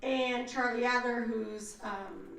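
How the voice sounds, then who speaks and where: A woman's voice: fairly high pitch, fairly even intonation, takes it slowly. A woman voice actress speaking on a convention panel, brash and joking as she teases the crowd. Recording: echoey hall, distant mic, crowd.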